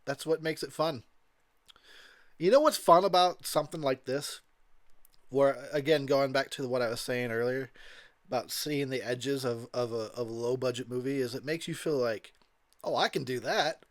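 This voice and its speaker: A man's voice: medium pitch, normal speed, no echo. A tipsy man giving rambling, crude commentary over a movie, laughing often. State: tipsy from drinking. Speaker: commentary host.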